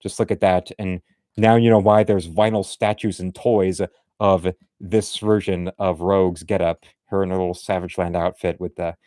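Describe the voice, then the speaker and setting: A man's voice: deep voice, little pitch movement, moderate pace, dark tone, dry recording, studio quality. A man giving casual, blunt and meandering commentary on artwork, opinionated and chatty. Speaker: art commentator.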